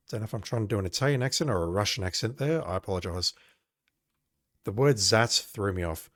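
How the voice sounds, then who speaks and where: A man playing through a retro game and chatting in a casual, wry way. His voice is lively, and it rises and falls a lot as he reacts to what happens. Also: lowish voice, a little fast. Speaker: let's-play host. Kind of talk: game playthrough commentary.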